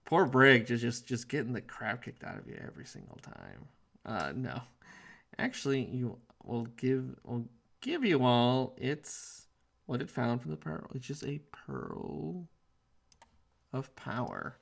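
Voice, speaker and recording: Gravelly, rambling male game master. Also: medium pitch, wildly swooping pitch, unhurried, a bit bright. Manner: rambling, many fillers, laughs often. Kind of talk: casual tabletop game narration.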